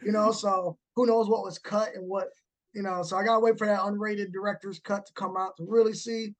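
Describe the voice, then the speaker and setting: A man hosting a casual horror podcast chat, animated and quick to act out scenes he describes. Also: high voice. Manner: animated, acts out movie moments with laughs. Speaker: podcast host.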